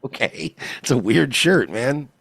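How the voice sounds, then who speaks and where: A man's voice: medium pitch, very animated, unhurried, gravelly, a bit bright, husky, no echo. A man co-hosting a podcast in a casual chat, telling stories and swearing freely. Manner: storytelling, swears a lot, mock-quotes people. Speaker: podcast co-host.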